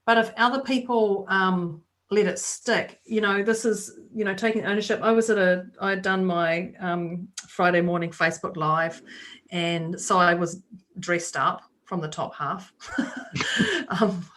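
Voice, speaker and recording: A woman's voice: fairly low pitch, fairly even intonation, measured pace, a bit bright. Chatty woman co-host telling a story. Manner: chatty storyteller, acts out quoted voices. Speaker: podcast co-host. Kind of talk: casual chat.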